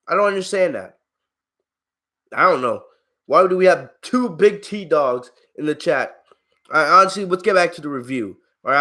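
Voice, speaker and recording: A man's voice: a little high, a bit bright. A man hosting a live-stream wrestling review, ranting in an exasperated, heated way at viewers in his chat, swearing freely and laughing at them. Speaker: wrestling channel host.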